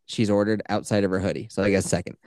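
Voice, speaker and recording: A man's voice: on the low side, fairly even intonation, quick pace, a little mellow, dry recording, clean studio sound. A man co-hosting a podcast in casual chat, ranting animatedly and swearing freely. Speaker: podcast co-host.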